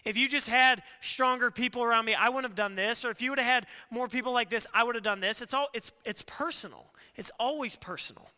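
A man preaching a sermon in a casual, animated way, often acting out quoted voices. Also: very high voice, fast talker, hardly any pauses, clear, resonant tone. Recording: long hall reverb.

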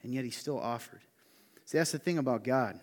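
Southern pastor preaching in a reverberant hall. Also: male voice, mid-range voice, fairly quick, slight background noise. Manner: animated, joking asides, swings from loud to hushed. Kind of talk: sermon.

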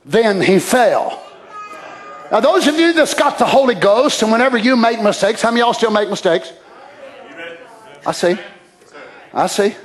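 A man preaching a fervent evening sermon in church, shouting passages and then dropping to quiet asides. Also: high voice, animated, normal speed, pauses often, some chatter behind. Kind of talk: impassioned sermon. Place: church sanctuary. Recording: echoey church hall.

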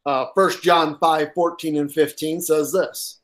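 Slow, emphatic preaching man. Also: on the high side, steady tone. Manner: emphatic, pauses for effect and repeats key points; halting with frequent uh fillers. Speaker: pastor. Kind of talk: sermon.

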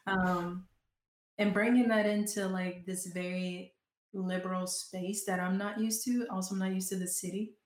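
A woman's voice: medium pitch, level tone, normal speed, reverberant. A young adult woman from Georgia with a Southern accent, talking casually as a guest in an interview and using many "like" fillers. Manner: chatty, frequent "like" fillers. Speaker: guest, performing artist and author.

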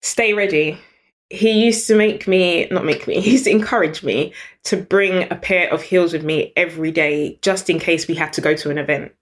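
A British woman, a guest in an interview, telling stories in an animated, chatty way and laughing often. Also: on the low side, moderate pace. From Britain. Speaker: guest entrepreneur. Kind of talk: storytelling in an interview.

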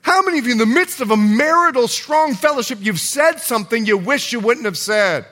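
A man preaching a sermon as pastor, swinging from loud calls to hushed low lines. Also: expressive, a little fast. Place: church.

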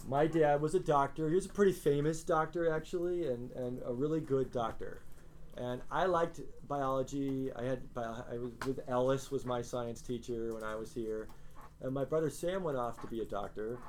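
A man teaching a class, talking to his students in an earnest, animated way. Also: medium pitch, normal speed, a little hiss or hum. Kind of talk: classroom lecture.

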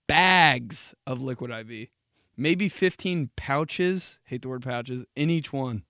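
A man's voice: medium pitch, takes it slowly, vocal fry, sharp tone, no echo, clean studio sound. A man hosting a podcast and telling crude, rambling comic stories in a casual monologue. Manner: crude, rambling, jokey storytelling. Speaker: podcast host.

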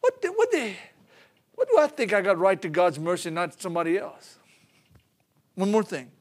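Preacher man, middle-aged, high voice, folksy, animated storytelling. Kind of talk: sermon.

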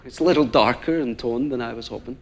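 A man's voice: medium pitch, fast talker, slight background noise. A man with a Northern Irish accent preaching a sermon, telling a story and acting out the people in it. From Northern Ireland. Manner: animated storyteller, acts out the people he quotes. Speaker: guest preacher.

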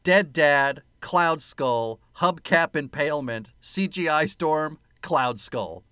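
A man's voice: on the high side, animated, takes it slowly, pushed and bright, clean tone, no echo, studio quality. A man co-hosting a casual movie-review podcast, sarcastic, swearing freely and laughing at his own jokes. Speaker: podcast co-host.

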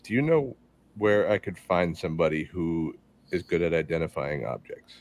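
A man's voice: low-pitched, expressive, moderate pace. A man playing in a tabletop game over an online call, speaking uncertainly and trailing off. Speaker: player. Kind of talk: casual tabletop play.

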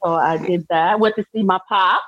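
A woman's voice: fairly low pitch, normal speed, fairly bright tone, no room sound, muffled recording. A woman hosting a podcast in a casual chat, with a playful, teasing manner. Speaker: podcast host.

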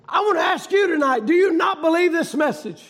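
A man preaching a fiery sermon, shouting emphatically and hammering home repeated rhetorical questions. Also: very high-pitched, expressive, a little fast.

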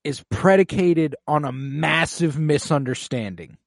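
A man's voice: fairly high pitch, a little slow, vocal fry, dry recording. Male podcast co-host, casual and emotional episode recap, dry close sound. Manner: emotional, swears casually, says "like" often.

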